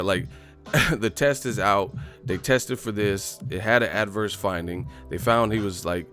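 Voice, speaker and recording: A man's voice: on the low side, a bit bright. A man hosting a boxing channel, talking in a rambling, profane, exasperated way. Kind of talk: casual ranting vlog.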